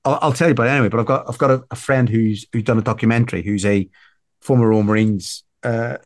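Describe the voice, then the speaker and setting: A man's voice: medium pitch, fast, no room sound, clean studio sound. A man, a podcast guest chatting casually, rambling with lots of restarts. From Northern Ireland. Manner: rambling, many restarts, animated when amused. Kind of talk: casual interview chat.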